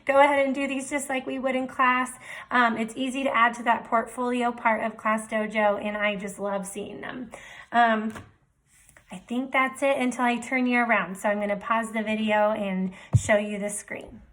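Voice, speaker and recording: A woman's voice: fairly high pitch, level tone, normal speed, fairly bright tone. A woman teacher giving a remote reading lesson to young children, patiently sounding out letters and praising her students.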